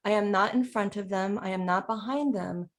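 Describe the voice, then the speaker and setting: A woman's voice: medium pitch, moderate pace. A woman who is a parent and educator, talking through ideas in a casual presentation, often acting out what people say.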